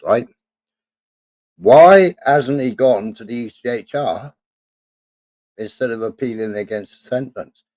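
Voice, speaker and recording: A man's voice: lowish voice, darkish tone. A man hosting a casual live-stream debate, repeating himself and tagging lines with "right" and "yeah". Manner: repetitive, keeps adding "right" and "yeah". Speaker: stream host.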